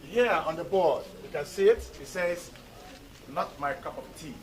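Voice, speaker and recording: A male teacher with a fairly high voice speaks to his class, drilling word stress and asking pointed rhetorical questions. The recording is noisy, with steady classroom noise behind him. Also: normal speed. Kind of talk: classroom lesson and talk to students. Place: school classroom.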